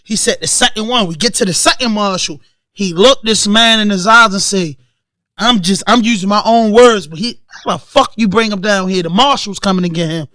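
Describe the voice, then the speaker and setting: High baltimore guy telling stories, does the voices, dry sound. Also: a little fast, dry recording. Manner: animated, acts out voices in his stories. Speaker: podcast guest. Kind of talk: casual storytelling chat.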